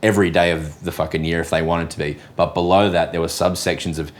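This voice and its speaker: An Australian comedian telling a story in casual chat, rambling and swearing freely. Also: male voice, low-pitched, flat delivery, fast.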